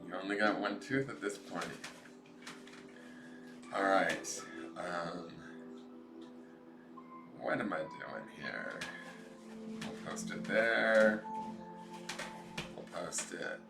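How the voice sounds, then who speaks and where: Low-voiced chatty nasal man. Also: drawn-out words, vocal fry, long pauses, echoey room, music in the background. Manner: goofy, chatty, reads out viewer comments. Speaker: tarot reader hosting a live stream. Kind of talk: casual live-stream chat with viewers.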